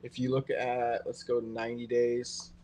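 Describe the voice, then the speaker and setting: Male co-host, relaxed explainer, medium-pitched voice. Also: normal speed, slight background noise. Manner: relaxed explaining, with many fillers. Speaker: co-host and trader. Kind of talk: casual live-stream chat.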